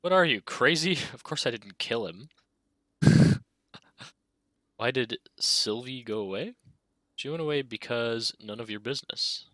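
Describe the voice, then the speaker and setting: Man reading game text, bright and dry. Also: medium pitch, no room sound. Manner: casual, halting, reads with asides. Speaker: gaming video creator.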